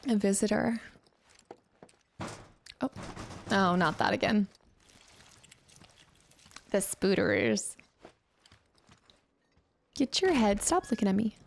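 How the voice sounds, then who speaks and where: A young woman streaming a video game, chatty and excitable, thinking aloud as she plays. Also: mid-range voice, slow pace, gravelly, long pauses, a little hiss or hum. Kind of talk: casual let's-play commentary.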